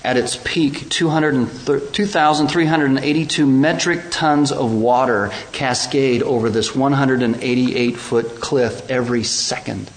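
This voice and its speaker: A man preaching a sermon, building from calm teaching to loud, high-pitched emphasis and then a hushed prayer. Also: unhurried, hardly any pauses, poor audio. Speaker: pastor.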